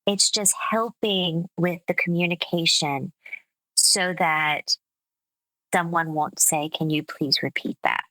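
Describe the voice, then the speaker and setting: An American woman speaks slowly and deliberately, as a speech coach laying out her ideas in an interview. Her voice is bright and forward, and the recording is close and dry. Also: fairly low pitch, fairly even intonation, no room sound, rough recording. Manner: measured, explanatory. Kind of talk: interview conversation.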